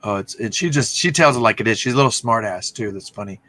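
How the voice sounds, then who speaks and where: A man's voice: lowish voice, fast talker, sharp tone. Rambling man hosting a video-call chat. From Texas. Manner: rambling storyteller, acts out quoted voices. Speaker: host. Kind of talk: casual chat.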